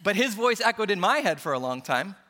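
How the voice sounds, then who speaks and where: Bright high-voiced pastor in a reverberant church. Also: male voice, sing-song, a little fast. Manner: storytelling with playful acted-out quotes. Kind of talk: sermon.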